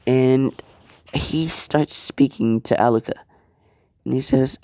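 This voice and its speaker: A man improvising a fan story out loud, rambling, swearing and correcting himself as he goes. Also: mid-range voice, steady tone, slow pace, no room sound, studio quality.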